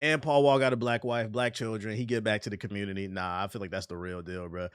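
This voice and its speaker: A man's voice: on the low side, level tone, fast talker, smooth, no echo, studio quality. A man streaming his reactions to music, blunt and incredulous, swearing freely as he talks. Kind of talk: casual reaction commentary.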